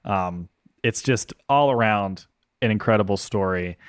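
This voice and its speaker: A man hosting a podcast, thanking his guest in an earnest, halting way full of fillers. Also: lowish voice, clean tone, dry recording, clean studio sound. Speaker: podcast host. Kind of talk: casual interview chat.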